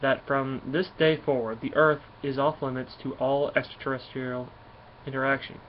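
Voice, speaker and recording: A man's voice: mid-range voice, fairly even intonation, normal speed, highs cut off, slight background noise, lightly acted. A man reading the lines of a stern middle-aged king and father from a comic, in an everyday voice.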